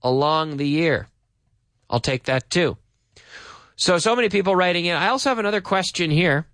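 Canadian male radio English teacher, slightly high voice, dry studio sound, patient and explanatory. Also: lively intonation, fairly bright tone, no echo. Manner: friendly, explaining slowly with examples, reading listener messages. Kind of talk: live radio English lesson.

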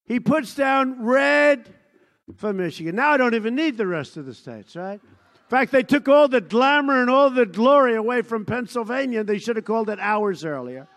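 A man's voice: extremely high pitch, animated, normal speed, a bit bright. A man giving a boastful, repetitive rally speech, mocking the people he quotes. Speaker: speaker at a political rally. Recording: long reverb of a large hall.

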